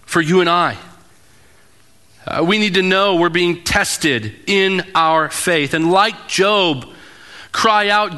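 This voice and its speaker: A man in his thirties preaching a sermon as pastor, telling personal stories earnestly and dropping to a hushed tone for emphasis. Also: high voice, slow.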